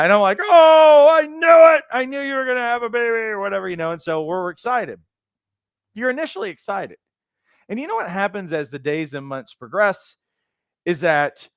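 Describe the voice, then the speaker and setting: A man's voice: sits high, a bit bright, clear, resonant tone, no room sound. A man giving a motivational teaching talk as a coach trainer, earnest and emphatic, building his points through repeated phrases. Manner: acts out quoted voices, occasional restarts.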